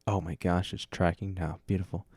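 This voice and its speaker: Low-voiced young man rambling casually. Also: flat delivery, brisk, vocal fry, a little mellow, breathy edge, dry recording, clean studio sound. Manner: rambling, self-deprecating, jokey asides. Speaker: podcast host. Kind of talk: solo casual chat. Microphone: dynamic microphone up close.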